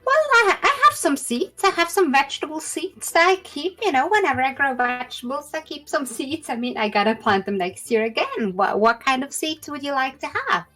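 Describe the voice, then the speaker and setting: A woman's voice: high-pitched, very animated, fairly quick, hardly any pauses, sharp tone, voice pushed up, heavily acted. A woman voicing a cheerful, chatty halfling farm woman who fusses and repeats herself. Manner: bubbly, fussy, repeats herself. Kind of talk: tabletop role-play voice.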